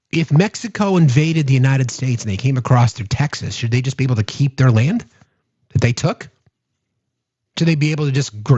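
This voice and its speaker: A man's voice: mid-range voice, dark tone, husky, no echo, muffled recording. A man hosting a political commentary stream, talking in an exasperated, sarcastic way and firing off rhetorical questions.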